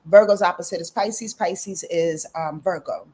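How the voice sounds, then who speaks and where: Husky-voiced chatty woman astrologer. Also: lowish voice, measured pace, dark tone. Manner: chatty, addresses viewers as y'all, asks "you dig?". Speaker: astrologer giving live readings. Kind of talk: casual livestream astrology reading.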